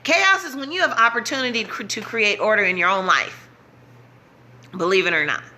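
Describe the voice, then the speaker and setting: A woman's voice: medium pitch, normal speed, sharp tone. A woman vlogger talking straight to her audience in an impassioned, urgent way, repeating herself to drive points home. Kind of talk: impassioned direct-to-camera talk.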